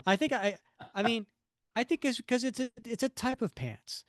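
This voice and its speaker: A man's voice: extremely high pitch, normal speed, a little hiss or hum. A man co-hosting a podcast, chatting casually and playfully about comics and acting out scenes as he goes. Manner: animated, playful, acts out scenes. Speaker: podcast co-host.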